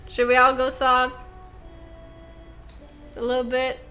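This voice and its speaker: A woman's voice: high-pitched, steady tone, unhurried, pauses often, bright, forceful tone, soft background music. A woman streaming a video game, talking emotionally and effusively to her viewers. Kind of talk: live gameplay stream commentary.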